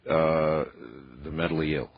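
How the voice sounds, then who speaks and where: A man hosting a late-night radio talk show, asking probing questions with halting restarts. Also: rumbling low, monotone, dry recording. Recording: dull lo-fi radio broadcast.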